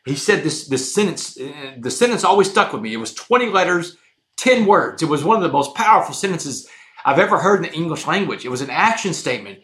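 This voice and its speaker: A man's voice: on the high side, brisk. Man telling a story in a roomy room. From Texas, USA. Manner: animated, addresses the host often, says "man" a lot. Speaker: guest. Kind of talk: dramatic personal storytelling. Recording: roomy echo.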